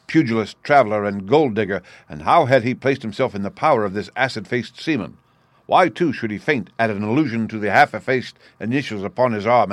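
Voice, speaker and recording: A man narrating a classic detective story in a measured, steady reading. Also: fairly low pitch, dry recording. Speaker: audiobook narrator.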